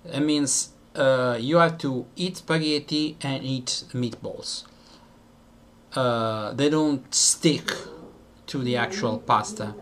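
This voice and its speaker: Slow, halting Italian-accented man. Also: medium pitch, a bit bright. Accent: Italian, mixed with British and some American. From Italy. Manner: halting, many fillers and self-corrections. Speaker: video host. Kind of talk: casual explainer talk.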